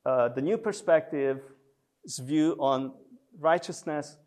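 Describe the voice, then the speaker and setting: A man lecturing on theology in a measured, deliberate way, with frequent hesitation sounds. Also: fairly high pitch, darkish tone. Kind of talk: theological lecture with scripture readings.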